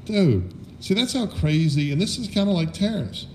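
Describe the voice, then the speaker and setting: A man's voice: high-pitched, sing-song, moderate pace, slight background noise. A middle-aged man hosting a casual political chat, talking bluntly and swearing freely as he rants his opinions. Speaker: podcast host.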